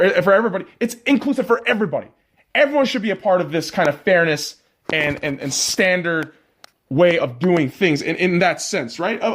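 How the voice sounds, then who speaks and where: A man hosting his own podcast, ranting loudly with heavy swearing and exasperation. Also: high voice. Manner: loud, profane, exasperated ranting. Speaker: podcast host.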